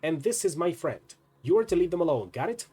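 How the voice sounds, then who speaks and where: A man's voice: medium pitch, very animated, fairly quick, a little mellow, husky. A man playing a fierce, commanding woman. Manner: blunt, sardonic.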